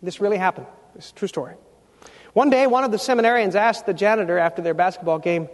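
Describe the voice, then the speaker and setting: A man with a high voice preaches a sermon as pastor, building emphatic, loud climaxes. His voice rings out in a church sanctuary with a long hall reverb. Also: fast talker.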